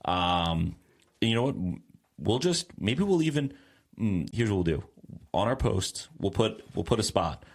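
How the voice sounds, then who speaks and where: A man's voice: fairly low pitch, very animated, measured pace, breathy edge. A young man co-hosting a sports podcast in a casual, joking, riffing way. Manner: joking, riffing, playful announcer bits. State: getting over a head cold. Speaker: podcast co-host. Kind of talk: casual chat.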